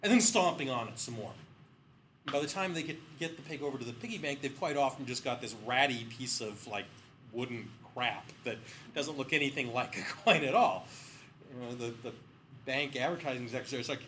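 A man's voice: mid-range voice, a little fast, slight background noise, low-quality recording. A middle-aged man giving a psychology lecture, telling stories animatedly and acting out the people in them. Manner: animated storytelling, voicing characters in quotes. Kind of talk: lecture with acted-out anecdotes.

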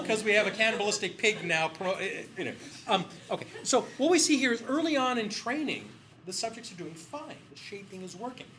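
A middle-aged man delivers a psychology lecture, his voice sitting a little high and swinging widely in pitch as he acts out characters. A faint background hum runs beneath the recording. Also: rough recording. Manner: animated storytelling, voicing characters in quotes. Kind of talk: lecture with acted-out anecdotes.

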